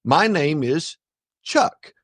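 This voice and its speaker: A man's voice: fairly high pitch, expressive, very slow, fairly bright tone, dry recording, studio quality. An older man, a podcast guest, telling a personal story with jokey, blunt asides to the listeners. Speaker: guest, ethics speaker.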